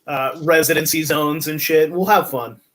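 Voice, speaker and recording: Profane ranting young man, slightly high voice. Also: fairly even intonation, normal speed, a bit bright. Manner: profane, ranting, laughs often. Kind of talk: casual podcast chat.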